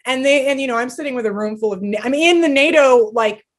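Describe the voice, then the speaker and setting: A woman speaking as a podcast guest in a casual interview chat, animated and blunt, swearing freely. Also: sits high, quick pace.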